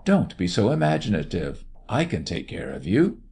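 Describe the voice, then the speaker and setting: A man playing a selfish, impatient gentleman who speaks gruffly and testily, dismissing his companion's fears. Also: fairly low pitch, wildly swooping pitch, normal speed, exaggerated voice. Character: selfish, impatient gentleman seducer, coarse and cross.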